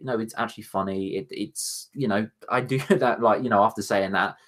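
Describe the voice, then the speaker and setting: A man's voice: lowish voice, normal speed, hardly any pauses, fairly bright tone. A man co-hosting a casual film review, rambling with lots of fillers and restarts.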